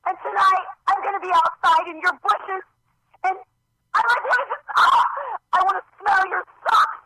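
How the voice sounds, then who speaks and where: A woman's voice: lively intonation, normal speed, bright, forceful tone, dry recording, full character voice, rough recording. A woman voicing a squealing, breathless young superfan in a comic voicemail. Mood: starstruck. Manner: squealing, breathless, swooping pitch.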